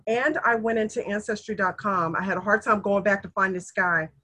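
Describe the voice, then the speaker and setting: Middle-aged woman, husky voice, earnest storyteller, casual chat. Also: mid-range voice, fairly quick. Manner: earnest, emotional storyteller, animated when quoting others. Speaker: guest sharing family history. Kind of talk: casual conversation.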